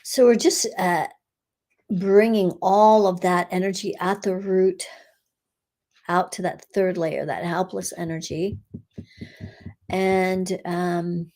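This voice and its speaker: A woman hosting a live session as an energy healer, guiding a meditation in an unhurried way with frequent soft laughs and the odd whisper. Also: lowish voice, fairly even intonation. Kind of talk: guided energy-clearing meditation.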